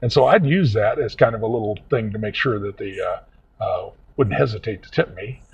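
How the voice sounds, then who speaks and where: Older guy just rambling on, lots of uhs, kinda raspy, dull recording. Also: fairly low pitch. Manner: meandering, halting with many fillers. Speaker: vlog host. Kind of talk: casual rambling storytelling.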